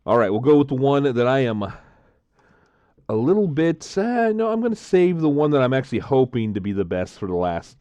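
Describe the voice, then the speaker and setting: A man's voice: mid-range voice, a little mellow, smooth, no echo, lo-fi sound. A man vlogging casually, tasting drinks and telling a story, rambling with lots of fillers.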